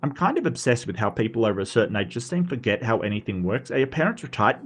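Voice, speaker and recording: An Australian man hosting a stream, chatting casually and reading posts aloud, animated with lots of fillers and restarts. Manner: animated, quick pitch jumps, frequent fillers and restarts. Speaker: streamer host.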